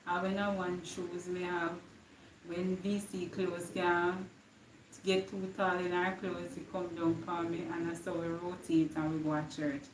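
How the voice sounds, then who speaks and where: A woman's voice: on the low side, level tone, a little slow, reverberant, far from the mic, slight background noise, rough recording. A young woman with a Jamaican accent giving an earnest inspirational live-stream talk, slipping into patois now and then. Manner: earnest, preachy, slips into patois. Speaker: live-stream motivational speaker.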